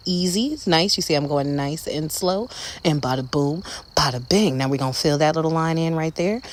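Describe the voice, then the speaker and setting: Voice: moderate pace, a little hiss or hum. Sassy, chatty makeup tutorial host. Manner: sassy, playful, chatty with viewers, voice leaps up high for flourishes. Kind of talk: step-by-step makeup tutorial talk.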